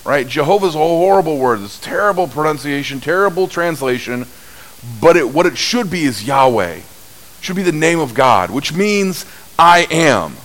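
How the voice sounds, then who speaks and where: A man preaching a sermon, telling stories at an unhurried pace with big swings in pitch and loudness. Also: lively intonation, low-quality recording. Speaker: pastor.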